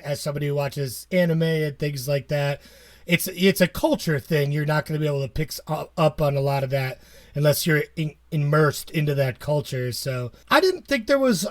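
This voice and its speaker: A man's voice: on the high side, no room sound. A man co-hosting a podcast, chatting casually and enthusiastically about games and shows. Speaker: podcast co-host. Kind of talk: casual chat.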